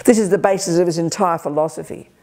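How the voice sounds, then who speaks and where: Older woman buddhist teacher, lively and emphatic, mellow warm voice, acts out what people think. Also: fairly low pitch, quick pace. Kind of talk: retreat teaching talk. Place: retreat center hall.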